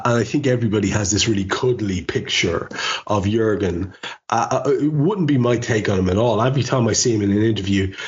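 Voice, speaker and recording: A man hosts a relaxed podcast chat, asking long, winding questions. His voice is on the low side, and it comes through dull and lo-fi. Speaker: podcast host. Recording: muffled lo-fi audio.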